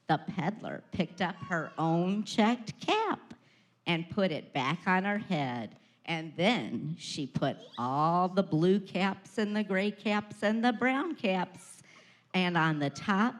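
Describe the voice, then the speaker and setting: A preschool teacher, a woman, reading a picture book aloud to children with expressive storytelling and dramatic pauses. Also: fairly low pitch. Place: preschool classroom. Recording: echoey classroom.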